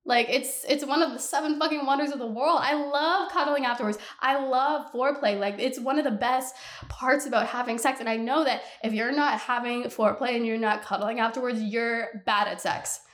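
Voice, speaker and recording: A woman's voice: on the high side, moderate pace, roomy sound. Young woman ranting on her podcast. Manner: animated, blunt, exasperated ranting with laughs. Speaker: podcast host. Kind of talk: solo podcast rant.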